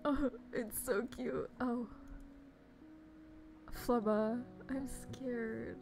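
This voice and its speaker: A woman's voice: fairly high pitch, fairly even intonation, drawn-out words, creaky, long pauses, over music. A woman streamer chatting casually on a live stream, gushing and giggling as she greets her viewers.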